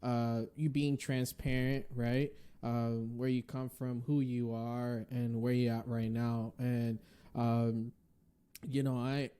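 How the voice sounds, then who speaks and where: A man's voice: mid-range voice, mellow, clean tone. A man from the Northeastern US hosting a podcast, talking in an enthusiastic, casual way with many fillers and closing with a blessing. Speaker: podcast host. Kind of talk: casual interview chat.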